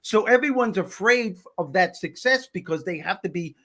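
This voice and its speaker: A man's voice: sits high, animated, moderate pace, a bit bright. An older man with a Brooklyn accent, hosting a casual talk show and mixing points with jokey tough-guy bluster. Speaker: host.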